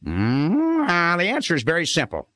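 A man plays an indifferent bull-like cow from a storybook who hums and mumbles, "mm" and "uh" between his words. His voice is bright and forceful with a wide, swinging melody, recorded close and dry. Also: a little high, wildly swooping pitch, moderate pace, no echo, voice pushed up, exaggerated voice. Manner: mumbling, drawling with hums and fillers. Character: lazy, indifferent male cow. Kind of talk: storybook character voice.

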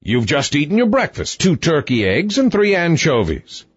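A man's voice: on the high side, huge pitch swings, moderate pace, slightly rough, no room sound, highs cut off, voice pushed up, heavily acted. A man voicing a pompous, argumentative fairy-tale king in a storybook reading, with blustering, self-satisfied declaiming. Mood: exasperated.

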